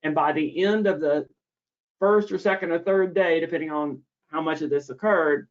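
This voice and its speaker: Male lecturer, slightly high voice, measured and repetitive delivery, dull lo-fi recording. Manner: deliberate, repeats key words for emphasis. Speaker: misophonia therapist explaining treatment. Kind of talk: explanatory lecture. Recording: dull lo-fi audio.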